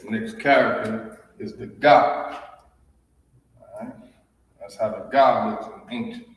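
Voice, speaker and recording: A man's voice: lowish voice, very animated, slow pace. A man teaching a language class, explaining each point and checking in with "all right?" again and again. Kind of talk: classroom lesson. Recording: echoey hall, voice from far off.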